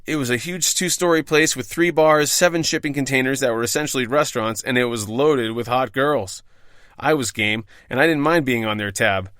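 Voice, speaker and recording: Wry, profane male storyteller, bright voice. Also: medium pitch, normal speed, clean tone, dry recording, studio quality. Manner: profane, wry, self-deprecating. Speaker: podcast host telling his own bartending stories. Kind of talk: scripted first-person storytelling.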